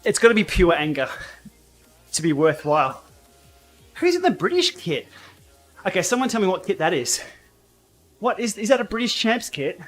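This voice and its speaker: A man hosting a casual cycling livestream from his home training room, blunt and outspoken, quick to laugh. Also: high voice, very animated, fairly bright tone, faint music behind. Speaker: cycling YouTuber and livestream host. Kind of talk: casual livestream chat while riding.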